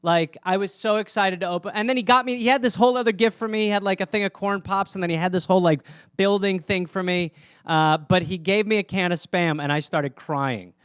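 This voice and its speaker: A man with a high, smooth and clear voice tells a funny story in a relaxed, chatty way. He hosts a podcast and brings his story to life with lively delivery. The sound is close and completely dry. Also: a little fast, no room sound. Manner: animated, acts out quoted lines in squeals. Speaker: podcast host. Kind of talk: casual comedic storytelling.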